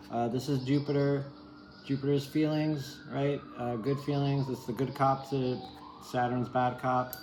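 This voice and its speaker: A man's voice: mid-range voice, a little mellow, reverberant, a little hiss or hum, rough recording. A man giving a casual, rambling tarot reading, candid and sometimes swearing. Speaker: tarot reader.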